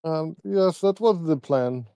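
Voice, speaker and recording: A man's voice: a little high, slow, vocal fry, mellow, clear, resonant tone, no echo. A man playing in a tabletop game, speaking in a hesitant, polite and thoughtful way. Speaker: player. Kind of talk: casual tabletop play.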